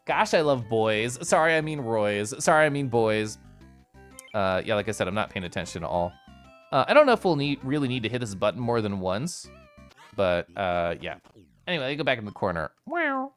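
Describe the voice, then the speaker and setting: A man's voice: fairly low pitch, huge pitch swings, fairly quick, fairly bright tone, soft background music. Bubbly, giggly male game streamer. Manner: bubbly, giggly, chatting with viewers. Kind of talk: casual live-stream chat.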